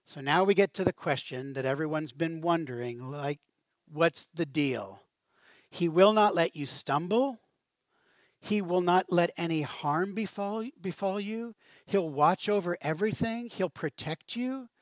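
A man preaching a sermon in a conversational way. He speaks with animation and casual asides, in a fairly high voice. The sound is dry and close. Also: measured pace, no echo. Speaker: pastor.

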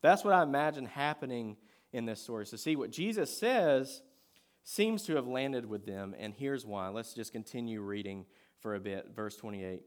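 A man preaching a sermon in a conversational way, moving between loud emphatic points and quiet scripture reading. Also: mid-range voice, expressive, moderate pace. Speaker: pastor.

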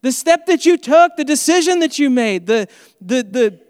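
A man's voice: extremely high pitch, animated, normal speed, clean tone, dry recording, clean studio sound, big-room sound. A man preaching an earnest, conversational sermon as pastor.

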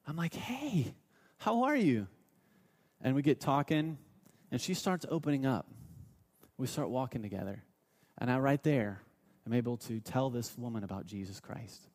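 A man preaching a sermon as pastor, telling stories and moving between loud urging and hushed asides. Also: mid-range voice, moderate pace, long reverb tail.

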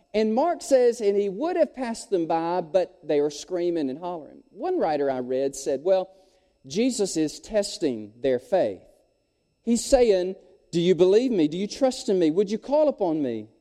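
Animated pastor preaching in a reverberant hall. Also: male voice, high-pitched. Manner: animated preaching with crowd call-and-response. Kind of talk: sermon. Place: church sanctuary.

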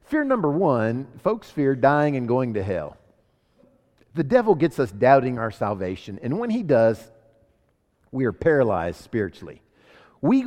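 A man's voice: medium pitch, a little mellow. A man preaching a sermon as pastor, asking rhetorical questions and building emphasis. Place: church sanctuary. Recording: long hall reverb.

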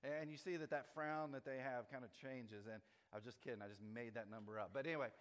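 A man giving a sermon as pastor, conversational and animated, often repeating words as he tells stories. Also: mid-range voice, fast talker. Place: church auditorium. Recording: long reverb of a large hall.

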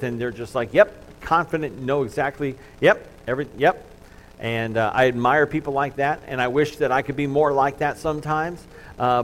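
A man preaching a sermon as pastor in a church, talking in a conversational, self-deprecating way and dropping to a soft hush at times. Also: medium pitch, rough recording. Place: church sanctuary with congregation.

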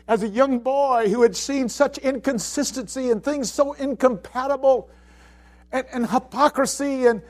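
A man preaching a sermon, telling stories and repeating phrases, swinging between hushed tones and shouting. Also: extremely high pitch, moderate pace. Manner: storytelling, repeats phrases for emphasis.

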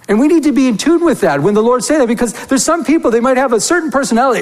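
A male pastor preaching a sermon, telling stories with animated energy and asking his congregation to remember. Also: very high voice, racing, few pauses, in a large hall. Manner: animated storytelling with repeated rhetorical questions to the congregation.

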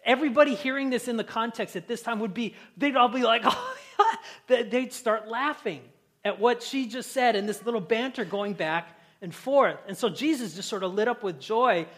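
High-voiced man preaching a sermon. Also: a little fast, a bit bright. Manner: conversational, joking with the congregation. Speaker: pastor.

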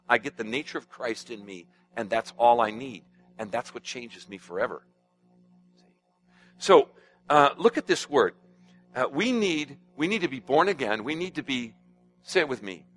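A man preaching a sermon, animated and swinging between hushed and emphatic passages while he quizzes the congregation. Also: medium pitch, low-quality recording. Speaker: pastor.

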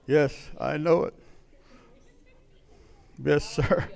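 A middle-aged man preaching a sermon as pastor, with impassioned delivery that swings from raised cries to low, weary murmurs. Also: drawn-out words, creaky, darkish tone.

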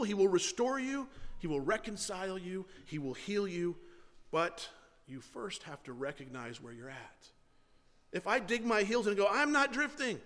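Male pastor with a high voice, earnest and chatty from the pulpit, recorded in a reverberant church hall. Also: fairly bright tone. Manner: earnest, conversational preaching with rhetorical questions. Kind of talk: sermon.

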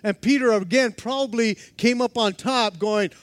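A man with a fairly high voice preaches a lively sermon. He laughs often and acts out the lines he quotes, dropping from loud to hushed and back. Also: moderate pace, dry recording. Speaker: pastor.

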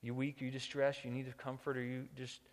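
A man preaching a sermon as pastor, moving between quiet reflective passages and loud impassioned ones. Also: medium pitch, monotone, fairly quick, big-room sound.

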